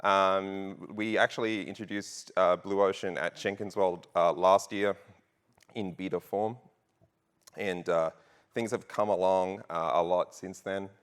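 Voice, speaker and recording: A man's voice: low-pitched, steady tone, a little slow, fairly bright tone, clear, resonant tone. A man with an Australian accent giving a jokey conference talk from a stage, rousing the audience, with many fillers. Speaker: conference speaker. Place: large conference hall.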